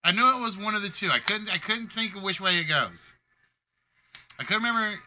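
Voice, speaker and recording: A man's voice: high-pitched, lively intonation, fairly quick, pushed and bright, slight background noise. Male stream game show host, upbeat and talkative, with a tense, piercing edge to his raised voice. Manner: chatty and playful, giving hints and joking with players. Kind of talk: casual live-stream game show hosting.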